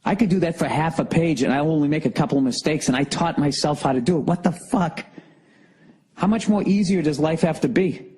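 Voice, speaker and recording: Husky-voiced man ranting profanely. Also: on the high side, a little fast, dark tone, poor audio. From United States. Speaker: podcast host. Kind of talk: solo comedic rant.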